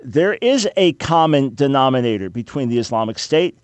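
A man's voice: mid-range voice, big pitch swings, moderate pace, no echo. Emphatic sarcastic male talk radio host. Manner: emphatic, sarcastic, quizzing listeners rhetorically. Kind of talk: opinionated talk radio monologue.

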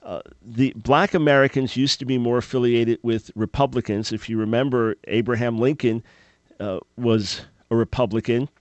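A man hosting a call-in radio talk show, speaking in an earnest, measured way. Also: medium pitch, fairly even intonation, no room sound, lo-fi sound. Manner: earnest, measured, thinking aloud.

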